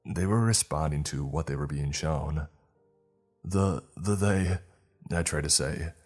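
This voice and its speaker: A man reading a first-person horror story aloud as scripted narration, in a measured storytelling manner. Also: rumbling low, darkish tone, faint music behind.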